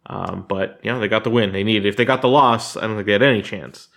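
A man co-hosting a sports podcast, giving measured, opinionated takes with "um" fillers. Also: fairly low pitch, vocal fry, a bit bright. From Southern California. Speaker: podcast co-host. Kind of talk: casual sports chat.

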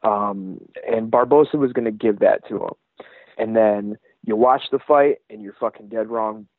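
A man's voice: fairly low pitch, moderate pace, dry recording. A man co-hosting a casual fight-betting podcast, talking in a laid-back, conversational way with some swearing. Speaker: podcast co-host. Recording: dry, tinny phone-like line.

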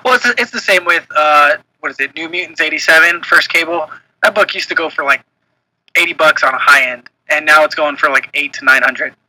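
A young man co-hosting a casual chat, his tone very sharp and tense and a little high for a man. He talks bluntly and with emphasis, and he swears freely. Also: brisk, no echo, rough recording. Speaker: podcast co-host.

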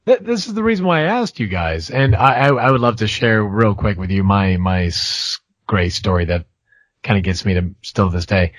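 A man's voice: fairly low pitch, expressive, moderate pace, no echo. A young man co-hosting a casual podcast, telling a story hesitantly, with many ums and restarts and a self-mocking tone. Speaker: podcast co-host.

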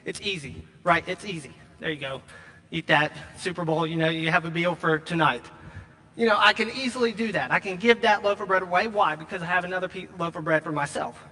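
A man preaching a sermon, emphatic, repeating key lines and slowing down to stress them. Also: high-pitched, sharp tone, long reverb tail. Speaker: pastor.

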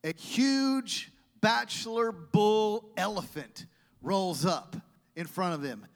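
A male pastor with a high voice preaches a sermon slowly in a church sanctuary. He tells stories with animation and makes asides to the congregation, and the recording carries the long reverb of the hall.

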